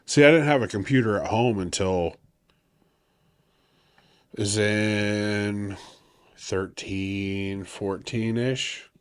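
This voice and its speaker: Chill guy co-hosting a podcast, slow easy talk, dry sound. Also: on the low side, clean tone, no room sound. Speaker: podcast co-host. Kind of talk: casual chat.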